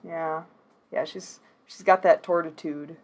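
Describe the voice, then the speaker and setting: A woman's voice: low voice, steady tone, a little slow, darkish tone, a little hiss or hum. Chatty woman with a Wisconsin accent. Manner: chatty, laughs often, playful. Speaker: stream host. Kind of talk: casual chat on a livestream.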